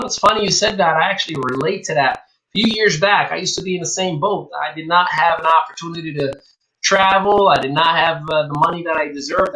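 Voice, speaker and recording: A man giving a motivational business talk as a coach, energetic, acting out both sides of sales conversations, with English as a second language. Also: a little high, slight background noise, poor audio. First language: not English.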